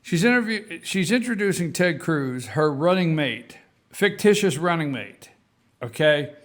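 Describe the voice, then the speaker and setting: A man hosting a talk show, giving casual political commentary and repeating himself for emphasis. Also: on the high side. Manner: animated, repeats himself for emphasis, addresses folks.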